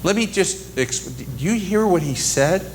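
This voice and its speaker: A man voicing a male scribe who gossips in secret in a low, hushed, conspiratorial way. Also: animated, a little slow, slight background noise.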